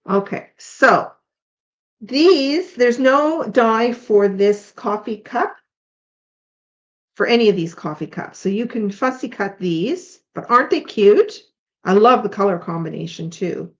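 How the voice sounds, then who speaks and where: A woman's voice: mid-range voice, animated, slow pace. A middle-aged woman from Canada hosting a casual craft demonstration, chatty and tired, thinking aloud with unsure asides. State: tired, yawning. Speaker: craft tutorial host. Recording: slightly dull lo-fi sound.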